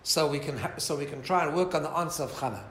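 A man's voice: fairly high pitch, fast talker. A man, rising and falling as he asks his listeners rhetorical questions. The echoey room has a faint hum of ambience behind him. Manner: animated, mixes Hebrew and Yiddish terms, asks listeners rhetorical questions. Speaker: rabbi teaching a class. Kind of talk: informal Torah class. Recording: roomy echo, faint ambience.

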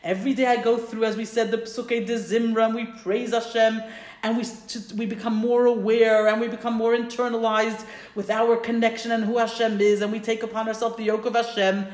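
A woman teacher speaks as a humble old male sage, earnest and self-searching, in a lively, rising voice. The room lends a noticeable echo. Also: fairly high pitch, brisk, lightly acted. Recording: roomy echo.

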